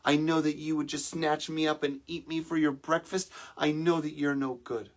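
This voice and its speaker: A man's voice: on the high side, little pitch movement, normal speed, pitched above the performer's own voice, natural voice. Man doing a wary little girl. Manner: defiant, wary. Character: young girl, wary and stubborn.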